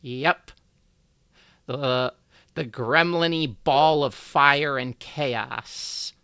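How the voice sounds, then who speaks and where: Slow, bright-voiced game master. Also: mid-range voice, smooth, dry recording, clean studio sound. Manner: relaxed, halting, with many fillers. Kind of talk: running a tabletop game on stream.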